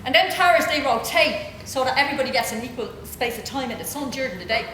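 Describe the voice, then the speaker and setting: A middle-aged woman giving a humorous, self-mocking storytelling lecture as a university lecturer, lively and acting out quoted voices. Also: sits high, fast talker. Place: university auditorium. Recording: echoey auditorium with audible room noise.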